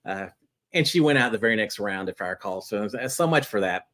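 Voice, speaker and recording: A man hosting a live reality-TV chat show, answering viewer questions in a chatty, animated way. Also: on the low side, fairly quick. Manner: chatty and animated, jumping between topics.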